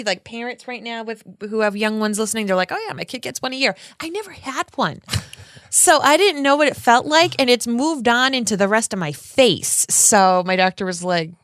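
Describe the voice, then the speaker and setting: A woman's voice: a little high, fairly bright tone, dry recording, studio quality. A woman from the United States co-hosting a podcast, chatty and self-deprecating, who also reads book passages aloud. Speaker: podcast co-host. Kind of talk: casual chat and reading aloud.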